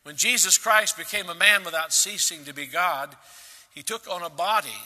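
A man preaching a sermon, emphatic, with sudden loud rises and quiet drops. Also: sits high, moderate pace, big-room sound. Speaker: pastor.

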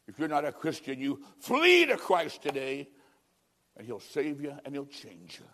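Pleading evangelist man, fairly high voice. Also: big pitch swings, moderate pace. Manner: pleading, dramatic shifts between loud and hushed. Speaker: preacher. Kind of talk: evangelistic sermon with storytelling.

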